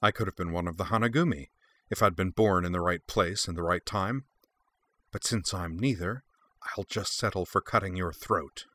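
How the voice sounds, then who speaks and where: A man's voice: low-pitched, normal speed, pushed and bright. A man reading aloud voices a fierce, bitter young woman with blades, speaking in a raised, taunting voice.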